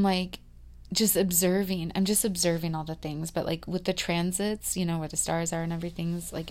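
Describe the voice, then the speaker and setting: A woman in her thirties hosting a podcast, talking through a rambling, confiding personal monologue full of fillers, dropping to a hush and then rising loud. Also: fairly low pitch, gravelly. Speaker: podcast host.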